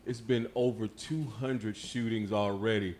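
A man's voice: lowish voice, fairly even intonation, a little slow, a little mellow, slight background noise. A man co-hosting a podcast in a casual, laid-back way, asking questions and dropping short reactions. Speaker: podcast co-host. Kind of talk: casual chat.

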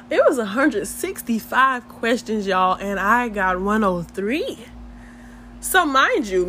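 A young woman chatting to her viewers in a lively, slangy storytime, laughing often. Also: mid-range voice, a little hiss or hum. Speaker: vlogger. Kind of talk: casual storytime chat.

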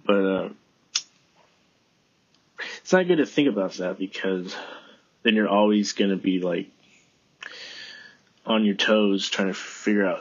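A man's voice: lowish voice, a little slow, pauses often, slightly rough, dry recording, dull audio. A man hosting his own podcast, talking alone in a casual, rambling way with frequent swearing. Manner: rambling, profane, self-talking. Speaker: podcast host. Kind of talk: casual solo podcast monologue.

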